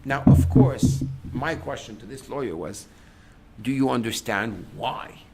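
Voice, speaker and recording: A middle-aged man, a rabbi, giving a lecture to a class on relationships. He tells stories in a lively way, acts out what people say, and breaks into sudden loud outbursts. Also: mid-range voice, unhurried, heavy background noise. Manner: animated storyteller, acts out quotes, sudden loud bursts.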